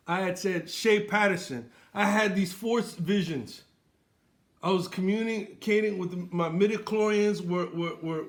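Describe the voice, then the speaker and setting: A man doing a theatrical, comedic football recap monologue as a fan host, often bursting into shouts. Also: high-pitched.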